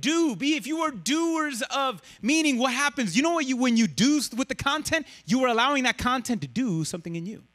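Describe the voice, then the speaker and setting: Animated high-voiced man preaching a sermon. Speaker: pastor.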